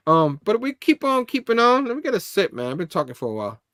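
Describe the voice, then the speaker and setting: A man's voice: sits high, big pitch swings, brisk, a bit bright, no echo, studio quality. A man hosting a casual comic book review. He rambles, laughs often and reads the characters' dialogue aloud.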